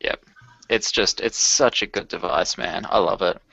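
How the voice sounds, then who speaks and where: A man from Australia joins a casual video chat, relaxed and enthusiastic, with plenty of slang. His voice is on the low side. The audio comes through dull and lo-fi. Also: moderate pace, gravelly. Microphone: video call.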